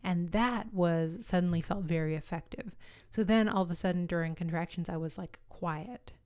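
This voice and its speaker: A young woman shares a personal story in an open, conversational way, laughing now and then as she goes. Her voice sits a little low and sounds smooth and clear. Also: moderate pace, darkish tone. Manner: candid, chatty, laughs while telling. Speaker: podcast host.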